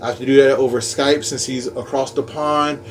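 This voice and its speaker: An upbeat man hosts a casual podcast in a mid-pitched voice and keeps the tone jokey. A faint hiss sits under the recording. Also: fairly even intonation. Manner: upbeat, jokey, spells out handles slowly. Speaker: podcast host.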